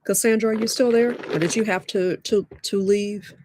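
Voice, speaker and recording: A woman hosting a live webinar, chatty and lively, talking straight to her viewers. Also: medium pitch, moderate pace, noisy background. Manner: lively, chatty, addresses audience as y'all. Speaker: webinar host and dating coach.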